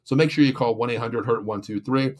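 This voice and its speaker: A man hosts a sports show, ranting loosely and circling back on himself with fillers and false starts. His voice sits at an ordinary middle pitch. He slides from venting into casual sponsor reads. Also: a little fast. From Pittsburgh area, USA. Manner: frustrated, rambling, with many fillers and restarts.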